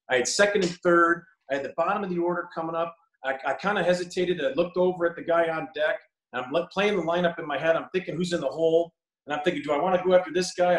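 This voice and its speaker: A middle-aged man tells lively stories from the mound and acts out each voice in them. His voice sits slightly high, and the room around him gives it a clear echo. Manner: animated anecdotes, acts out dialogue. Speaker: former pitcher, guest. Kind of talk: storytelling on a video call. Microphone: video call. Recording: echoey room on a call.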